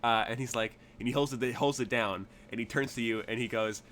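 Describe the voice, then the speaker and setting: A man's voice: mid-range voice, brisk, hardly any pauses, a bit bright, a little hiss or hum. A man narrating a tabletop game as game master, rambling through his descriptions with many fillers.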